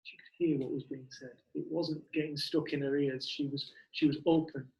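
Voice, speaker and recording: A gravel-edged man in his forties with a voice that sits a little high. He leads a community group in loose, casual storytelling and throws himself into voicing the people in his stories. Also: normal speed, lo-fi sound, slight background noise. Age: 40s. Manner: animated, acts out other people's words.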